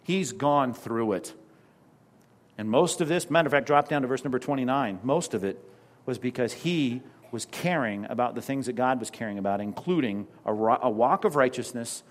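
A man pastor preaching a sermon in an animated, conversational way with sarcastic asides. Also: mid-range voice.

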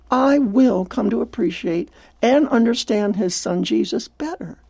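A woman's voice: medium pitch, creaky, warm tone, husky, no room sound. An older woman hosting a devotional radio talk, speaking earnestly and reflectively. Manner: earnest, reflective, quotes scripture. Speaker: radio program host.

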